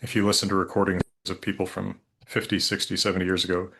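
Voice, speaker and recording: Man, deep voice, Colorado Western drawl, thoughtful interview guest. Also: level tone, creaky, a bit bright, husky. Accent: Colorado, American West. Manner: slow drawl, thoughtful, hedging. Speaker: guest linguist. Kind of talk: conversational interview.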